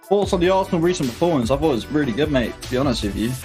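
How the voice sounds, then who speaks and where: A man's voice: a little high, lively intonation, very fast, darkish tone. Young guy streaming a football watch-along. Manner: chatty slangy banter with chat, reading comments aloud. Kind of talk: casual live-stream chat. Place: home. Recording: faint music behind.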